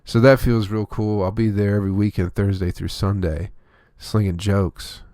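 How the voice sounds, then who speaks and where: A man's voice: lowish voice, level tone, moderate pace, warm tone, no room sound, clean studio sound. A man hosting his own comedy podcast, delivering a rambling, profane, opinionated solo rant.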